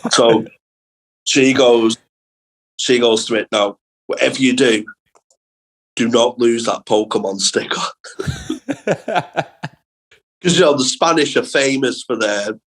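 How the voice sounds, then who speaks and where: A young man from England, a comedian guest telling sweary, animated school anecdotes in casual podcast chat. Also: fairly low pitch, gravelly, husky, poor audio.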